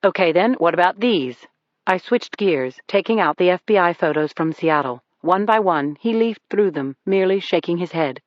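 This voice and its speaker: Audiobook narrator, wry first-person thriller read, middle pitch, lo-fi dry recording. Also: expressive, normal speed, hardly any pauses, dry recording.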